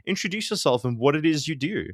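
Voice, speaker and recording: A man's voice: a little high, lively intonation, fast, dry recording, clean studio sound. A man hosting a podcast, asking questions in an enthusiastic, chatty way with lots of "like". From South Africa. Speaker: podcast host, interviewer. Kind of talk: casual interview chat.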